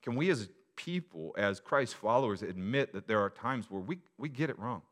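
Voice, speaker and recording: Pastor guy preaching to his church, lowish voice, goes soft then loud and emphatic. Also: expressive, moderate pace. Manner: builds from quiet reflection to loud emphatic appeals. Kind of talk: sermon.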